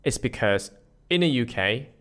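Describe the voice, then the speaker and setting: Male solo podcast host from Malaysia, mid-range pitch, scripted and playful with self-mocking jokes. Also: animated, moderate pace, a bit bright.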